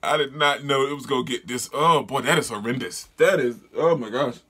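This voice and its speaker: A man reading a comic aloud and reacting with excited, disgusted exclamations and yelling. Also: mid-range voice, brisk, husky. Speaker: manga reader and reviewer.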